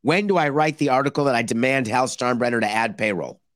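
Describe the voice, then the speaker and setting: Male podcast host, sarcastic and animated, dry close-mic sound. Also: medium pitch, quick pace, no echo. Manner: sarcastic, animated, mock-quoting others. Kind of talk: opinionated sports talk monologue.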